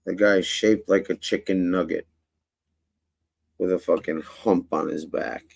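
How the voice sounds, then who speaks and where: A man's voice: low voice, fairly even intonation, unhurried, vocal fry, husky, dry recording. A male host in a casual live stream, rambling, profane and laid-back.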